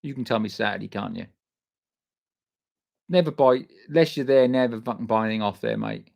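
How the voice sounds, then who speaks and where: Brief: male host, gravelly voice, mid pitch, sweary and matey, riffing on live chat. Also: big pitch swings, fairly quick, darkish tone. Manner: loose, sweary and matey, answering chat by name. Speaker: live stream host reading viewer comments.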